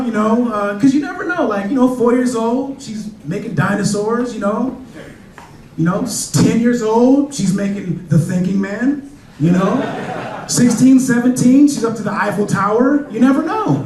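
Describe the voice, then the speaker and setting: A man performs stand-up in a loose, chatty storytelling manner, his voice sitting fairly high. He sounds distant and echoey on a club stage. A crowd murmurs and laughs behind him. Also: lively intonation, unhurried. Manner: casual, conversational, loose storytelling. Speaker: stand-up comedian. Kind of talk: stand-up comedy set. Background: audience laughter.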